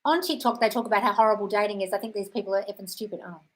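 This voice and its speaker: A woman's voice: mid-range voice, fairly even intonation, rapid-fire. A woman with an Australian accent hosting a casual live-stream Q&A, reading viewer comments aloud and answering them in a chatty way, swearing freely and calling viewers darling. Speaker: host answering viewer questions.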